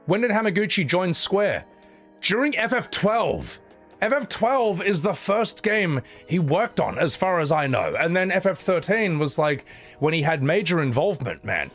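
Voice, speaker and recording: Sarcastic male streamer, lively swooping delivery, slightly high voice, light music under him. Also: normal speed. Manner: animated, sarcastic, swears, says "man" a lot. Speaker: streamer reading super chats. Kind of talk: casual live-stream chat.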